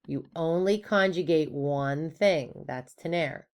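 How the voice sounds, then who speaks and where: A woman with a lowish voice teaches a recorded lesson at an unhurried pace. She is upbeat and playful, putting questions to her students and then answering them herself. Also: a little mellow. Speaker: Spanish teacher.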